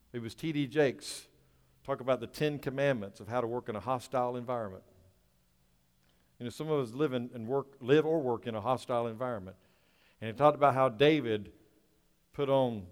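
Delivering a sermon, this male pastor alternates loud, stretched-out lines with quiet asides and poses rhetorical questions to the congregation. His pitch is medium, and the sound carries a long reverb tail.

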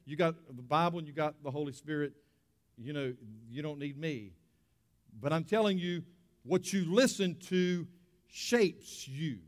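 Male preacher, talky sermon style with repeated emphases, a bit high-pitched, big reverberant hall. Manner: conversational preaching with emphatic repetitions and rhetorical questions. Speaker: pastor. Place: church sanctuary.

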